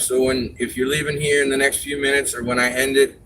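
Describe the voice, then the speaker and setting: A man's voice: mid-range voice, little pitch movement, fairly quick, few pauses, background noise. A man hosting a live stream, chatting casually and giving advice, rambling a little with fillers.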